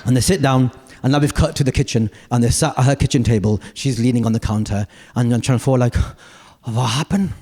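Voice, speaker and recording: A male stand-up comedian telling stories on a large theatre stage, punchy asides building to shouted rants. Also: mid-range voice, steady tone, fast talker.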